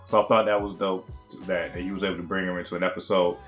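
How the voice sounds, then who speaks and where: A man's voice: sits low, level tone, fast talker, a bit bright, faint music behind. A man recapping and reacting to a TV episode in a rambling, conversational way, full of slang and fillers. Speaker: TV show reviewer. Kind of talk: casual recap commentary.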